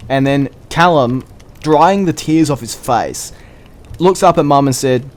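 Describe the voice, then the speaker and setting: A man's voice: medium pitch, unhurried. Swearing, rambling male storyteller. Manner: animated, profane, rambling. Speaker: vlogger. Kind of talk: casual storytelling.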